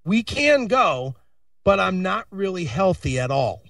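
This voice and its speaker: Animated man telling a story off-mic. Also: sits high, measured pace, gravelly, dry recording, studio quality, distant mic. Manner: animated storytelling, recounting texts with swearing. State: recovering from illness. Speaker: co-host. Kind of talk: casual radio talk.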